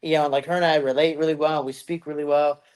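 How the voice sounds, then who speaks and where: A man with a slightly higher voice co-hosts a casual podcast. He tells animated stories packed with "like" and loose swearing. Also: quick pace. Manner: animated storyteller, swearing, heavy use of "like". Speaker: podcast co-host. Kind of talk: casual chat.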